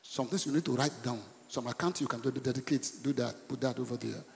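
A middle-aged man, preaching a sermon in animated bursts and asking the congregation questions. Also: fairly quick, creaky. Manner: animated preaching with sudden high bursts and call-and-response questions. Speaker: pastor. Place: church hall. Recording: church hall with long reverb.

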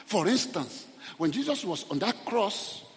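Male pastor, high and animated sermon delivery with a gravelly texture; long hall reverb. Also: measured pace. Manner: animated preaching, shouting at peaks, call-and-response.

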